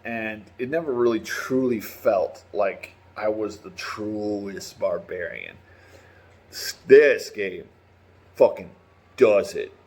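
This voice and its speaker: A man talking casually and excitably about a game, swearing freely and rambling between stories. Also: on the low side, slow pace, husky. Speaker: gaming vlogger. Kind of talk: casual opinion chat.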